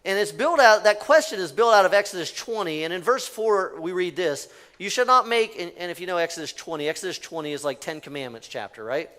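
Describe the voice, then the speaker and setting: A man's voice: sits high, animated, fairly quick, hardly any pauses, pushed and bright. A male pastor preaching a conversational sermon in a church, leading the congregation in call-and-response. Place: church sanctuary.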